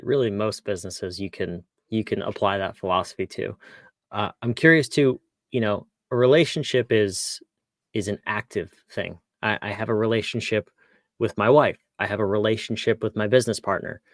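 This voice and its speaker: Curious low-voiced male podcast host. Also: no room sound, studio quality. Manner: curious, conversational, rephrases questions mid-sentence. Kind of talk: podcast interview.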